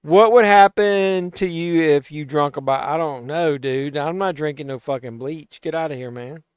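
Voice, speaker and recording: A man's voice: on the high side, normal speed, clean tone, no room sound, clean studio sound. A man hosting a live watch-along stream, chatting casually with viewers, loose and profane and a little tipsy from drinking. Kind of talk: casual live-stream chat, reading chat aloud.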